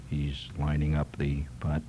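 A man putting on the voice of a reverent golf TV announcer in a hushed whisper, as whispered role-play. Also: extremely low pitch, monotone, a little slow, a little hiss or hum, pitched below the performer's own voice.

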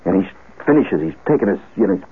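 Low-voiced man rambling through a funny story, lots of asides and restarts, sounds like an old broadcast through a phone line. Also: quick pace, slight background noise. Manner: animated, with frequent restarts and asides. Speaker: radio storyteller. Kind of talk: rambling comic monologue.

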